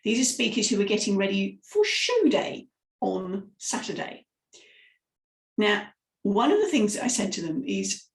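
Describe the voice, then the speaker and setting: Lively woman coaching vocal warm-ups. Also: mid-range voice, unhurried. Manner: lively, demonstrative, guides listeners through exercises. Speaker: speaking coach. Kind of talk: live vocal warm-up lesson. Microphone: microphone, sometimes stepping close. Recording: roomy echo.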